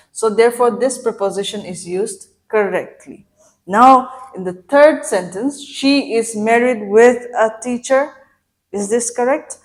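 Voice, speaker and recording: A woman teacher working through a grammar lesson in a clear, explanatory way. She keeps asking her listeners questions. She reads each example sentence slowly, stressing the words. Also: medium pitch, darkish tone. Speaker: English teacher.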